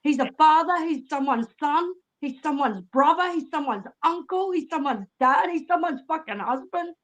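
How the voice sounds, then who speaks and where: High-voiced woman, upset and blunt. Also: lively intonation, normal speed, poor audio. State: tearful. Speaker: call-in guest. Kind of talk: emotional casual conversation.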